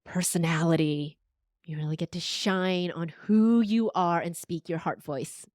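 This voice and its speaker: A woman's voice: fairly low pitch, unhurried, no room sound, clean studio sound. A woman in her forties, a podcast strategist and voice coach, telling stories with animation as a guest in a conversational interview. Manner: animated storyteller, acts out voices.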